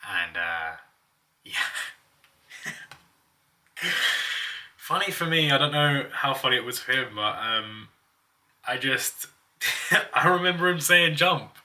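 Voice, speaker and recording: A man's voice: medium pitch, big pitch swings, slow pace, long pauses, pushed and bright, recorded from a distance, a little hiss or hum. A young man telling personal stories in a casual, chatty way, often laughing as he talks. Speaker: vlogger.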